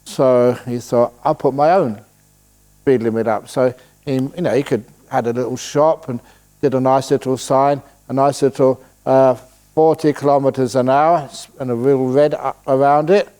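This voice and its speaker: Buddhist monk guy telling stories at a retreat, smooth clear voice, joking around. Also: medium pitch. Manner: storytelling, playful, slows voice to demonstrate calm. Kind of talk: dharma talk with Q&A. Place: retreat hall.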